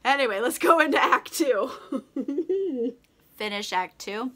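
A bright-voiced young woman talks fast and loose, a little tipsy from wine, laughing between lines. She recaps a story in casual chat, stuffing her sentences with "like" and putting on quick silly voices for the characters. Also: sits high, expressive. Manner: chatty, giggly, lots of likes, mock-voices characters. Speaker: book vlogger.

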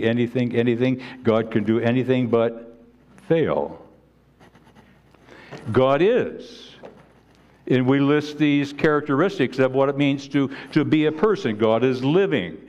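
A man preaching a sermon as pastor in a church, earnest and halting, often restarting and repeating words. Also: mid-range voice, darkish tone, muffled recording. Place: church sanctuary.

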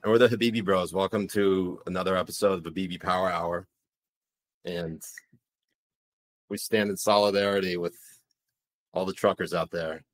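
A man's voice: deep voice, fairly even intonation, moderate pace, long pauses. A man co-hosting an irreverent political podcast, opening the show in a laid-back, mock-solemn way. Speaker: podcast co-host. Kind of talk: casual irreverent chat.

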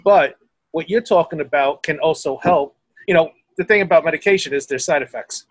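A man's voice: a little high, fairly quick, poor audio. A man co-hosting a casual talk show, speaking in an easygoing, conversational way. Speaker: co-host.

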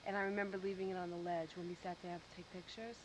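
A woman's voice: on the low side, flat delivery, very fast, slight background noise, low-quality recording. A woman wisecracking playfully with her travel companion outdoors in a town, on a 1989 camcorder home video. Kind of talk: casual home video chat.

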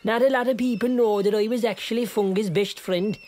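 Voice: medium pitch, steady tone, brisk, darkish tone, lightly acted. Someone doing a boastful fisherman. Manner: rambling yarn-spinning, bursts into song. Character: boastful Kerry fisherman, tall-tale teller.

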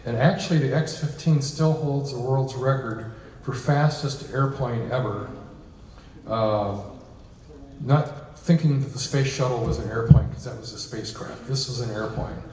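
A man's voice: medium pitch, a little slow, a little mellow. A man giving an informal lecture to an audience, conversational and full of ums and uhs. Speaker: guest speaker. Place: reception hall with an audience. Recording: echoey hall, mic at a distance.

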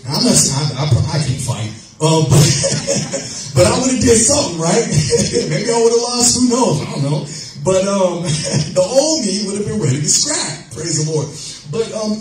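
A man's voice: sits high, a little mellow. Man preaching a casual sermon in an echoey church. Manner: conversational, laughs often, acts out quoted voices. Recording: echoey and distant, faint music.

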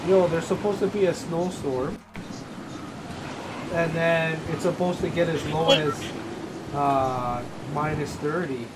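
A man's voice: on the high side, noisy background. A man chatting casually and calling out plays while streaming a shooter game with his squad, loose and joking. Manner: loose, joking, quick excited callouts. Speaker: streamer playing a battle royale game with a squad. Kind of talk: casual gaming chat and callouts. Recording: game gunfire loud under the voice.

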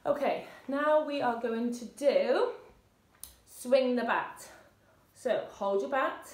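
High, upbeat woman leading exercise. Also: takes it slowly, darkish tone. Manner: encouraging, with cheery whoops. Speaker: fitness instructor. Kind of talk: leading a seated exercise warm-up. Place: indoor room, seated on a chair. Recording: echoey room.

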